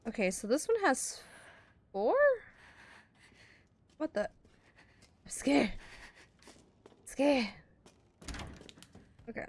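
A woman's voice: a little high, slight background noise. A woman commentating a horror video game as she plays, jumpy and chatty, talking both to the game and to her viewers. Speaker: gaming streamer.

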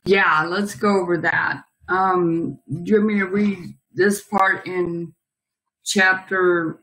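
A woman's voice: on the low side, steady tone, takes it slowly, sharp tone, poor audio. A woman hosting a book interview show, asking questions and reading a book passage aloud with friendly affirmations.

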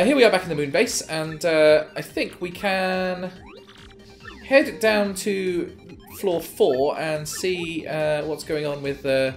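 Man hosting a let's play, easygoing, hesitant game commentary. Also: sits high. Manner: relaxed, hesitant with fillers. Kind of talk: casual gameplay commentary.

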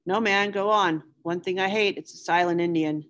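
A blunt young soldier who snaps short and curt at his buddy, voiced by a woman reading the novel aloud. The tone stays low and clipped. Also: moderate pace, fairly bright tone, close to an everyday voice. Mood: gruff. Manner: curt, snappish.

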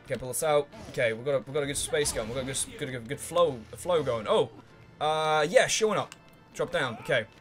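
A man commentating his own gameplay in a let's play, excitable and swearing freely, humming to himself while he thinks and shouting at the game characters. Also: medium pitch, brisk, soft background music.

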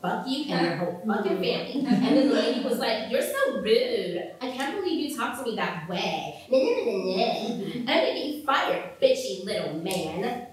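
A woman's voice: medium pitch, very animated, moderate pace, a little hiss or hum, close to an everyday voice. An actress on stage playing a chatty teenage girl who rambles with constant "like" and quotes other people. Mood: gossipy. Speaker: actor in a staged reading. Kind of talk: stage monologue, teen girl gossip. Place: theatre stage. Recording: echoey hall, voice from far off.

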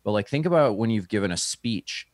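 A man who is a comedian, telling a story in a relaxed interview and acting out the people he quotes in a higher voice. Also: brisk, no echo, clean studio sound. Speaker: stand-up comedian, guest.

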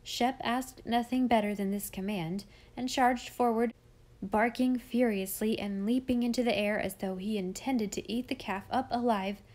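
A woman narrating a classic children's novel aloud in a measured, expressive reading. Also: on the high side. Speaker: audiobook reader. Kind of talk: scripted storybook narration.

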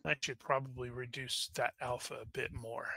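A man's voice: medium pitch, little pitch movement, normal speed, vocal fry, bright, forceful tone. A man narrating as game master of an online tabletop game, rambling with many fillers and restarts.

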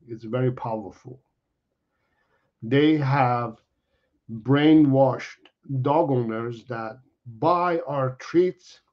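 Slow, earnest male dog trainer. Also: mid-range voice. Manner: earnest, repeats himself, halting restarts. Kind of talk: explaining to viewers. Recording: dull lo-fi audio.

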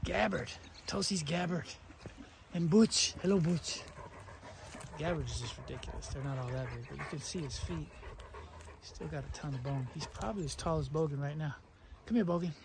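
A man breeding dogs, chatting casually as he films himself, loudly calling his dogs in an outdoor kennel yard. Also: on the high side, normal speed, gravelly. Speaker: dog breeder. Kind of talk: casual vlog narration. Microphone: handheld camera filming alone. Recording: noisy outdoor camera audio.

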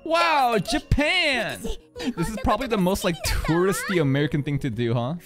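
An excitable reaction streamer talks straight at the screen, profane and quick to get hyped. The pitch swings wildly from low mutters to high bursts, with faint soundtrack music playing underneath. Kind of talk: live reaction commentary.

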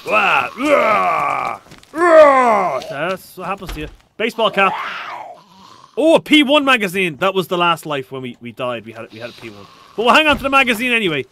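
A man live-streaming a survival game, talking fast and loose, swearing, joking and reading chat messages aloud with high energy. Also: big pitch swings, pushed and bright, slight background noise.

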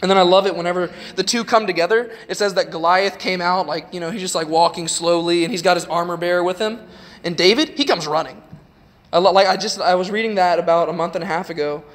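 A man's voice: high-pitched, quick pace, a bit bright. A young man giving a casual, chatty youth sermon in a church, retelling a story with lots of "like". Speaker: youth preacher. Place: church sanctuary. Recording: long hall reverb.

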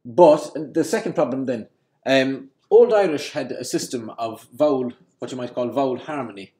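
Warm in tone, mid-range in pitch and moderate in pace, this man teaches languages and is giving an off-the-cuff lesson on where Irish words come from. He stumbles along hesitantly, with frequent ums and restarts.

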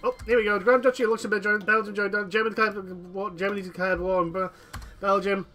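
Guy chatting over a strategy game, high bright voice, faint music behind, lots of ums and restarts. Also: flat delivery, fast. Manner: rambling, self-correcting, lots of fillers. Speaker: gaming commentator. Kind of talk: strategy game let's play.

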